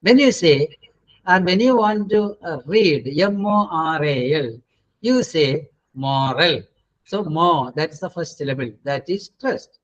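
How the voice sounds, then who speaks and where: A man's voice: fairly high pitch, animated, unhurried. A middle-aged man with an Indian English accent teaching pronunciation in an online class, patient and correcting students, with many hesitant fillers. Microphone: video call. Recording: dull lo-fi webinar audio.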